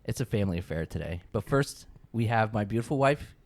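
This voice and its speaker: A man's voice: fairly low pitch, lively intonation, brisk. A man hosting a horror movie podcast, chatting casually and teasing his guests. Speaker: podcast host. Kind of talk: casual chat.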